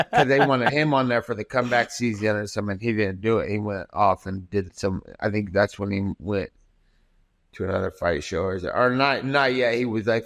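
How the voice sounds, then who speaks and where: A man with a voice pitched a little low tells a story casually as a podcast guest. He swears freely and acts out what others said, stumbling over repeated words as he goes. His delivery is loose, streetwise and conversational. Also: fairly bright tone. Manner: profane, acts out quoted dialogue with many restarts.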